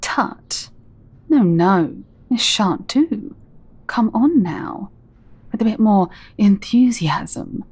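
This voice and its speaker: A woman performing a scripted dominant audio role-play, speaking in a teasing, commanding way and often dropping into soft whispers. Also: medium pitch, lively intonation, no echo. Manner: teasing, commanding, slow and deliberate; soft-spoken, drops into breathy whispers.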